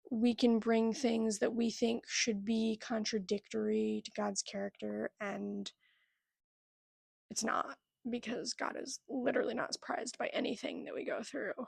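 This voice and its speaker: A woman's voice: on the high side, vocal fry, slightly rough, dry recording, clean studio sound. A young woman vlogging casually about books, chatty and giggly, with lots of fillers. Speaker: book vlogger. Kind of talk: casual chat.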